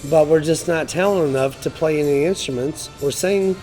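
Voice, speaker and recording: A man comedian talks in a loose, self-mocking way, with a voice a bit high for a man. Faint music hums in the background. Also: normal speed, darkish tone, rough recording. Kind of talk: casual interview answers.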